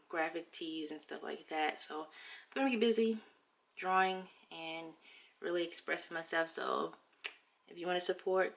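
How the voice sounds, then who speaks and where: Young woman vlogger, low and gravelly, casual and chatty, a bit breathless. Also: a bit bright. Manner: chatty, fillers, lots of "like". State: slightly out of breath. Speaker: beauty vlogger. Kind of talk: casual haul chat.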